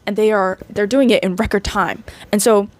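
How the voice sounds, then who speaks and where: A woman's voice: medium pitch, fairly even intonation, moderate pace. A woman in her twenties recapping a movie in a rambling, chatty way, full of fillers. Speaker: vlogger.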